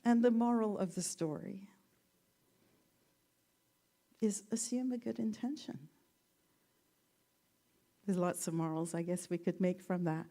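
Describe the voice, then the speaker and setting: A woman minister giving a sermon, telling stories gently with playful asides. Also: mid-range voice, fairly even intonation, normal speed, pauses often. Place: church sanctuary.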